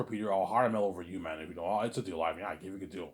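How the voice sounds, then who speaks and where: A man rambling in a casual monologue, animated and repetitive, arguing with an imagined listener. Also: sits low, very fast. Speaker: vlogger.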